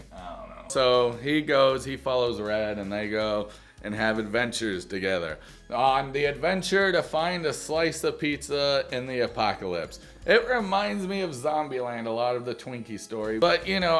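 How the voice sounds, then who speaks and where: A man's voice: mid-range voice, fairly bright tone. A man rambling through a casual, jokey movie review, loose and self-mocking, swearing often.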